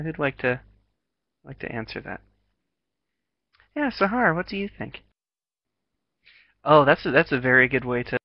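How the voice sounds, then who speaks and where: A man's voice: on the high side, no echo, lo-fi sound. An American man teaching an online English class, encouraging and full of fillers and restarts. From United States. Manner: encouraging, many fillers and restarts, laughs often. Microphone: video call.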